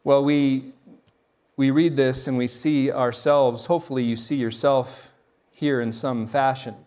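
A middle-aged man, a pastor, preaching a sermon in an animated storytelling way, often restarting and repeating words. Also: mid-range voice, measured pace.

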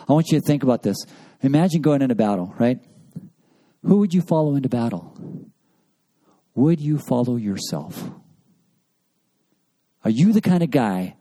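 A middle-aged man speaks to a room of men in an earnest, conversational way, slipping into family dialogue as he tells his stories. His voice is deeply dark and mellow, sitting at an ordinary pitch. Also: low-quality recording. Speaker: speaker at a men's family session. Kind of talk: conference talk to men.

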